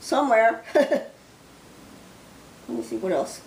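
Woman reading prophecy slowly in a roomy space. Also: on the high side, huge pitch swings, darkish tone, slight background noise. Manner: slow, deliberate reading broken by chatty, hesitant asides. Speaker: ministry host sharing prophecy. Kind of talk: reading scripture and prophecy aloud with casual asides. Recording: roomy echo.

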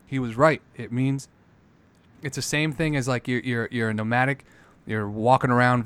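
A man in casual podcast chat, talking emphatically with lots of swearing and getting loud as he makes his points. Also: medium pitch, moderate pace. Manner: emphatic, profane, builds into loud rants.

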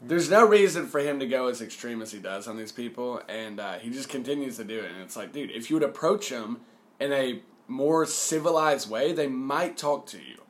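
A young man hosting a casual podcast chat, animated and acting out quotes loudly. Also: mid-range voice, normal speed. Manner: animated, acts out quotes in raised shouting voice. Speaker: podcast host.

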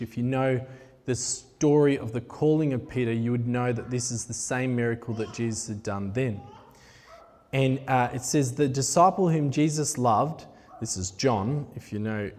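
A man's voice: mid-range voice, a little mellow. Emotional preacher man in a reverberant hall. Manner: conversational, jokey, grows emotional and intense. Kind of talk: sermon. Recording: long reverb of a large hall.

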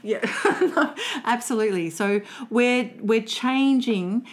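Australian woman voice coach, animated. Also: fairly high pitch, slow pace. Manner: animated, laughs often, restarts sentences. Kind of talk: casual interview chat.

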